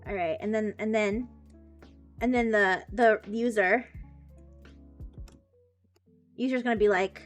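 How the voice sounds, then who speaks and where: A woman's voice: mid-range voice, normal speed. A woman streaming live and chatting casually, giggly, with frequent restarts, with faint music behind.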